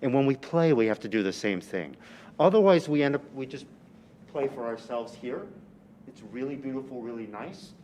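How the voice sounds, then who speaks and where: A man teaching a violin master class in a rehearsal room, coaching a student with lively, exaggerated phrasing and frequent restarts. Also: medium pitch, moderate pace, a little hiss or hum. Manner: animated, exaggerated teaching delivery with repeated phrases.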